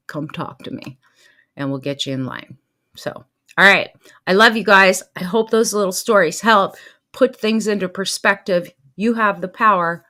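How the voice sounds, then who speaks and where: Chatting with her viewers, a middle-aged show host and life coach spins casual tales. Quick to laugh and very animated, she mimics people's words by varying her pitch.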